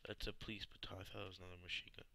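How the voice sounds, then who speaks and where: Excitable man with a bright, tense voice. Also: low-pitched, very fast, gravelly, a little hiss or hum. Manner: excitable, swears and yells at the zombies. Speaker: let's play gamer. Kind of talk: gameplay commentary.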